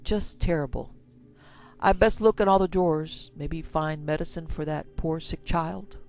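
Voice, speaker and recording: A woman's voice: low voice, steady tone, unhurried, a little mellow. A woman reading a horror story aloud, voicing a sly, greedy male soldier with drawling rural speech. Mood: mock-pleasant. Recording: slightly dull lo-fi recording.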